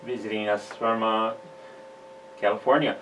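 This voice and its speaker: A man's voice: on the low side, level tone, a bit bright. A man hosting a casual radio interview who often stops and restarts. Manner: halting, full of restarts. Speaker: radio host. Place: radio studio. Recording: distant mic with faint hiss.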